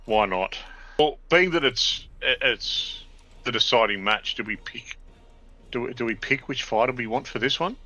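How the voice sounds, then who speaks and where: An Australian man co-hosting a live show, relaxed while playing a fighting game. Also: medium pitch, a little slow. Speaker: co-host. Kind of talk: casual gaming banter.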